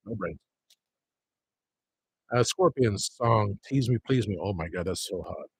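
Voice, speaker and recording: A man's voice: lowish voice, animated, a little slow, husky, rough recording. A man chatting casually on a livestream, rambling from one thing to the next and grumbling about people.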